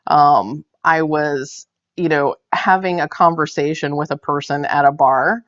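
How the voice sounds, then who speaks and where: A woman's voice: sits low, unhurried. A woman knitting vlogger telling a story in casual chat while she knits on camera. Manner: chatty, tells anecdotes while knitting on camera. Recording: dull lo-fi sound.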